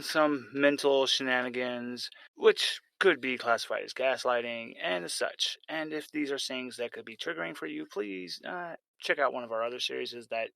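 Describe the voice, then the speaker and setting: A man narrating a tabletop horror role-playing game as game master, in a rambling, animated way with frequent restarts. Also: medium pitch, vocal fry, dry recording, rough recording. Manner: rambling, animated, self-correcting.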